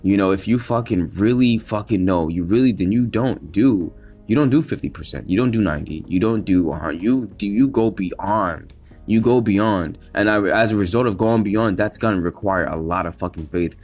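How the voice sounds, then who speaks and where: Deep-voiced man giving a fired-up pep talk. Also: normal speed, darkish tone, faint music behind. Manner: emphatic, repetitive and profane, with many restarts. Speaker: podcast host. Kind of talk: solo motivational podcast talk.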